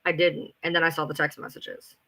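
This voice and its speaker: Bright-voiced streamer ranting fast. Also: mid-range voice, flat delivery. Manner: heated, profane, talks fast in bursts. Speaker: livestream host. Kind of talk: casual livestream rant.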